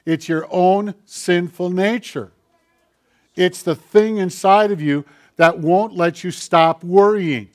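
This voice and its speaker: Animated higher-voiced male preacher. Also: takes it slowly. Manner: animated, acts out quoted voices, conversational asides to the congregation. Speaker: pastor. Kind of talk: sermon.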